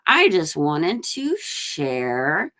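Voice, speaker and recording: A woman's voice: sits low, huge pitch swings, very slow, fairly bright tone. A woman from California with a Californian accent, co-hosting a casual video-call chat in a chatty way. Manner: chatty, says like a lot. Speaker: co-host.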